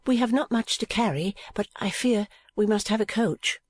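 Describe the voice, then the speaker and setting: A man's voice: high-pitched, moderate pace, no room sound, voice pushed up. A man reading an audiobook, voicing a polite, earnest young woman in a raised voice. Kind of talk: audiobook character voice.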